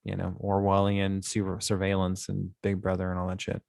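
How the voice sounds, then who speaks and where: A man's voice: low voice, monotone, moderate pace, creaky, darkish tone, no echo, studio quality. A man co-hosting a podcast, chatting in a laid-back way and then reading his own novel aloud. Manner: laid-back, swears, laughs often. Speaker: podcast co-host and author.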